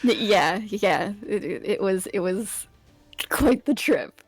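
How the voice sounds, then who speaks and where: A woman's voice: mid-range voice, lively intonation, slow, breathy edge, no room sound, soft background music. A woman guest telling a long, rambling story in casual conversation, with frequent restarts and giggles. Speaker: interview guest.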